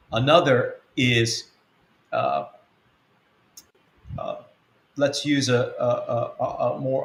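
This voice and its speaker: A man's voice: medium pitch, a bit bright. Earnest man teaching in an echoey room. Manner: earnest, counts through points with many restarts. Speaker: apostle of a web church. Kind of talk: teaching talk answering a question.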